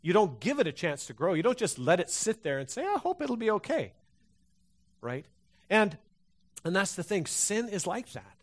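Male pastor, fairly high-pitched, conversational sermon full of restarts and fillers to a congregation. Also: sing-song, moderate pace. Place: church hall before a congregation.

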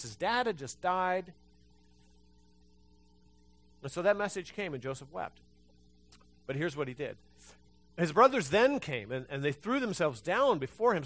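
A man preaching a sermon in church, conversational and lively, often restarting his sentences. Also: a little high. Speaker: pastor.

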